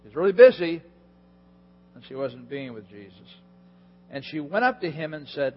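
A man's voice: fairly high pitch, very animated, moderate pace, pauses often, breathy edge. A male pastor giving a sermon in a conversational way, chuckling and asking the audience questions. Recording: dull lo-fi in a reverberant hall with hum.

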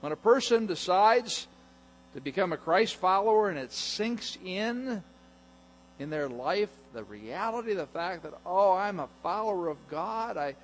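A middle-aged man preaching a sermon as pastor, animated and jokey, sometimes acting out voices. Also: high-pitched, a little slow, slight background noise. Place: church sanctuary.

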